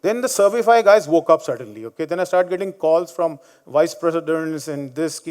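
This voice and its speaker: A man's voice: on the high side, expressive, a little fast, a little mellow. A man in his fifties with an Indian English accent, telling blunt, combative stories in a conference talk. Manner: blunt, combative, joking storyteller. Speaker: conference speaker. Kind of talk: conference talk with personal anecdotes. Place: conference venue before a live audience.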